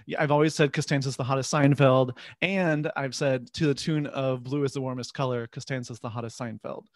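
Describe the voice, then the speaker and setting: A man's voice: mid-range voice, fairly even intonation, a little fast, no echo, studio quality. A man co-hosting a podcast in casual chat, teasing his co-host with mock-earnest, exaggerated praise.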